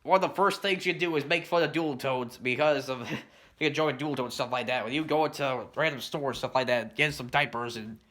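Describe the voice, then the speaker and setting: A man delivering a rambling commentary rant, filling his points with "you know" and "stuff like that" and often clearing his throat. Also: medium pitch, normal speed, fairly bright tone. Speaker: commentary YouTuber.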